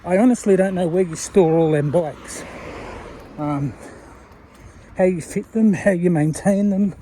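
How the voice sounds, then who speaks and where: Man, casual wandering monologue, talking on the move, high pitch, soft mellow tone. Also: measured pace, a little hiss or hum. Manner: chatty, wandering, talks while walking. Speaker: viewer sending a video message.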